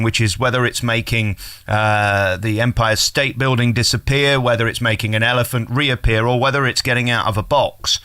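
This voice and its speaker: Chatty radio host, bright voice. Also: male voice, medium pitch. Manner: chatty, effusive, leading questions. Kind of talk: radio interview.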